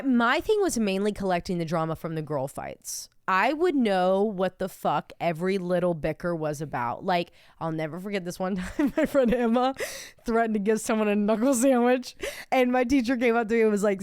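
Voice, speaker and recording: Young woman podcast co-host, smooth voice, dry close sound, swears and laughs while telling stories. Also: mid-range voice, no echo. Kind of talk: casual chat.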